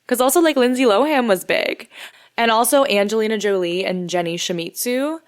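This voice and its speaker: A woman's voice: fairly high pitch, a little fast, clear, resonant tone. Woman, thirties, podcast co-host, casual chat, rambling, laughing. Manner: chatty, rambling, laughs often.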